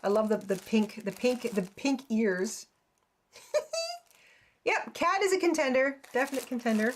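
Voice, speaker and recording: Slight background noise sits under this fairly high, slightly slow female voice. She hosts a crafting channel and chats casually through an unboxing, gushing over every piece with lots of exclamations and little laughs.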